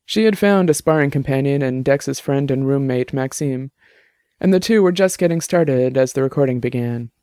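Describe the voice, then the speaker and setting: A man's voice: mid-range voice, normal speed, warm tone, no echo. Man reading a novel, dry close sound. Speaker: narrator. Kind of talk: scripted novel narration.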